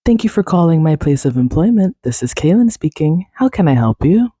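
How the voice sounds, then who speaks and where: A woman's voice: low-pitched, big pitch swings, a little fast, no echo, voice pushed up, full character voice. A woman putting on a chirpy customer service phone voice. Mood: friendly. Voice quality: slightly raspy. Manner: bright, polite customer service tone. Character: friendly young woman answering a work phone.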